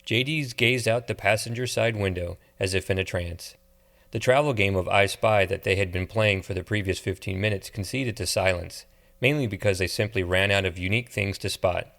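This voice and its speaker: A man giving steady, measured audiobook narration. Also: lowish voice, creaky. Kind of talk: scripted narration.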